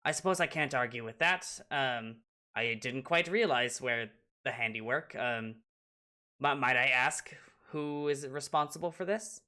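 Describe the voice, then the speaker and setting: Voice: mid-range voice, unhurried, pushed and bright. A game master voicing a polite, eager little gnome craftsman who hesitates and talks in a fussy, courteous way. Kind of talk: voicing characters in a tabletop game.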